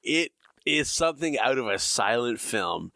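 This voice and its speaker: Lively, bright man on a dry mic. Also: medium pitch, a little slow, gravelly, no echo. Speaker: podcast co-host. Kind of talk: casual chat about a TV episode.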